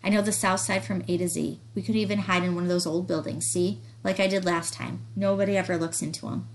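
A woman reading the part of a calm, scheming young man who speaks slowly and dismissively in dialect. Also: on the low side, natural voice, poor audio. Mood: confident.

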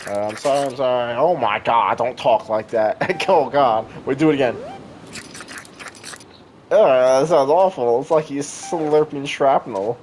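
A man's voice: mid-range voice, measured pace, darkish tone. A young man giving sarcastic, jokey let's-play commentary, chatting to the game's characters as he plays. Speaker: gaming YouTuber.

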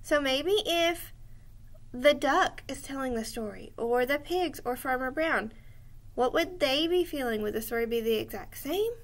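Brief: woman teacher with a high voice, recorded lesson for young children, patient and clear. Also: expressive. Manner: slow, clear and encouraging, spelling out words as she writes.

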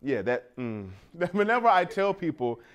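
A man's voice: on the high side, very animated, measured pace, clean tone. A man in his thirties performing a stand-up routine, telling stories and laughing at his own jokes. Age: 30s. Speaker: stand-up comedian.

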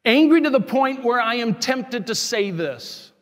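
A man's voice: very high-pitched, expressive, measured pace. A man giving a sermon as a Catholic parish priest, preaching in an impassioned, scolding and emphatic way. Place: church. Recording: long church reverb.

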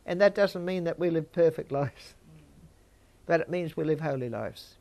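Older woman, Bible teacher, conversational, gravelly voice with a little fry. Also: deep voice, moderate pace, warm tone. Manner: conversational, chats with listeners.

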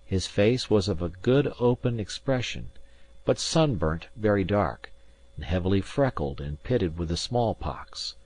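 A man narrating a classic novel as an audiobook in a steady, measured reading. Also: deep voice, no echo. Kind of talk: scripted narration.

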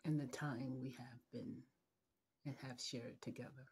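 A middle-aged woman speaks slowly and tenderly in a heartfelt message to her grown son, her mellow voice close to tears. Her tone is soft and breathy, and she often sinks into a whisper between halting phrases. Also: extremely low pitch, fairly even intonation. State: emotional, holding back tears. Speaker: mother addressing her adult son. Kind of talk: heartfelt personal video message.

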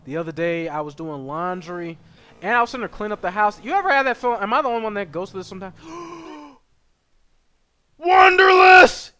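A man streaming a game live and chatting with viewers, excitable and slangy, jumping from loud shouts to low mutters. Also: racing, slight background noise. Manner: slangy, playful banter with chat. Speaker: gaming streamer. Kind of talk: live gameplay commentary reading chat.

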